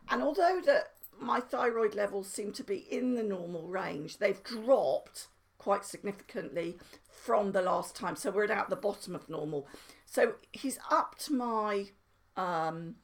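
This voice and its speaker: A middle-aged woman vlogging in casual chat to camera, chatty and self-mocking, laughing at herself often. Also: mid-range voice.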